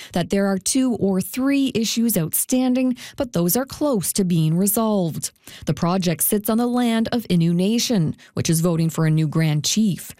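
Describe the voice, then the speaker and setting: A woman filing a scripted news report with clear, steady delivery. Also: mid-range voice, dry recording, clean studio sound.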